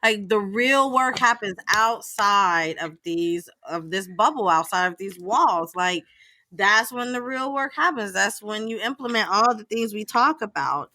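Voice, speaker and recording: A woman therapist co-hosting a podcast, talking in a chatty, animated way with many fillers and frequent laughs. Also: mid-range voice, measured pace, no echo. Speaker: therapist co-host. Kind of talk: casual podcast chat.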